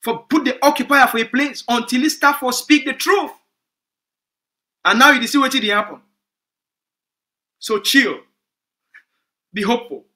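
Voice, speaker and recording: A man's voice: very high-pitched, unhurried, long pauses, bright, forceful tone. A man with a Cameroonian Pidgin English accent, giving an emphatic, repetitive political address to supporters as a movement spokesman.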